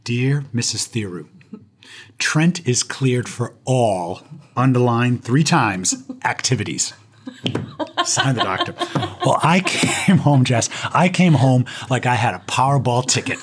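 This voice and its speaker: A man's voice: medium pitch, lively intonation, unhurried, a crowd in the background. A man, a guest on an interview show, telling a personal story with self-deprecating humor and punchlines.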